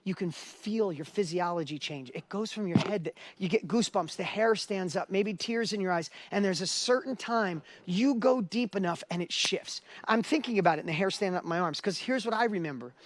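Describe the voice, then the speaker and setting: A middle-aged man speaking as an event speaker, telling a personal story in a motivational stage talk and building to urgent exhortation. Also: high-pitched.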